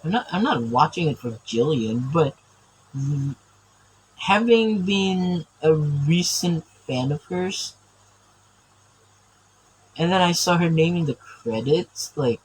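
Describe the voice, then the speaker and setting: Here the artist's voice runs on the high side and sounds animated; he takes things slowly and pauses often. He rambles, stammers and laughs a lot as he chats while drawing on camera. There's a little hiss or hum on this rough recording.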